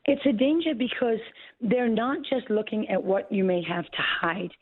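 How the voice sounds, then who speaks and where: A mid-pitched woman who is a guest on talk radio makes her case with urgent emphasis. Her voice comes over a narrow, phone-like line with a dry, close sound. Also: expressive, moderate pace, no room sound. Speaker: guest journalist.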